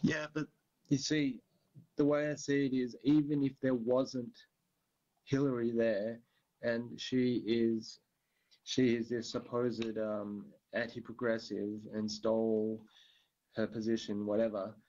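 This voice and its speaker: A man's voice: mid-range voice, flat delivery, slow pace, mellow. A man talking politics casually, rambling with many fillers and the odd curse word. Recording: dull lo-fi recording.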